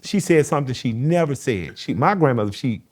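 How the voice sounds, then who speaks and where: A man's voice: medium pitch, lively intonation, a little fast. A middle-aged man, a guest in an interview, telling a personal story in a plain-spoken, earnest way and swearing casually.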